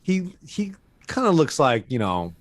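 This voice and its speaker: A man's voice: on the high side, sing-song, a little slow, dry recording. A man co-hosting a casual fight-sports chat, walking listeners through a video clip step by step. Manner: step-by-step recounting, casual swearing. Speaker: podcast co-host.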